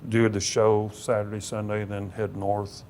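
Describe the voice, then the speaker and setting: A man with a low, gravelly voice talks casually as a podcast guest, easygoing and quick to agree. Faint background noise hangs in the room. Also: monotone, darkish tone. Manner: easygoing, agreeable, frequent "yeah". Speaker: guest, motorcycle parts business owner. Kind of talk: casual interview chat.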